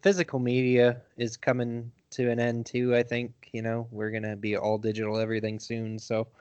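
A man from Michigan co-hosting a podcast, chatting in a relaxed, reflective way. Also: mid-range voice, moderate pace, no echo. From United States, Michigan. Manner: laid-back, reflective, wraps up the episode. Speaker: podcast co-host. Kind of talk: casual chat.

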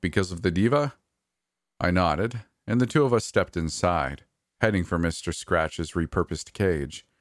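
Deep-voiced male narrator, steady scripted read, dry close sound. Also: no room sound. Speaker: horror story narrator.

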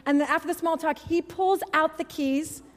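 A woman giving a personal testimony at church, an animated storyteller who laughs often. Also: sits high, moderate pace. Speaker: church speaker. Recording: long reverb of a large hall.

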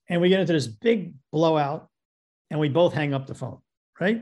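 A man, a film producer and director, telling a story as a guest and acting out both sides of phone calls in an animated way. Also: on the high side, moderate pace. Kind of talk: storytelling anecdote.

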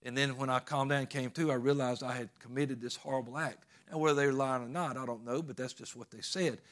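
A man's voice: medium pitch, fairly even intonation, fast talker, a bit bright. Folksy preacher man. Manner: folksy, emphatic storytelling with repeated phrases. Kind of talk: sermon.

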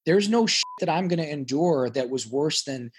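Speaking at a normal speed with lively intonation, a middle-aged podcast guest with a slightly high voice recounts difficult experiences in an emotional interview. He grows worked up, pressing his points hard and often repeating words.

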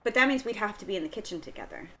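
A woman's voice: medium pitch, lively intonation, rapid-fire, vocal fry, bright, forceful tone, poor audio. A woman from Vermont hosting a casual podcast and telling ghost stories. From Vermont, US East Coast. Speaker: podcast host.

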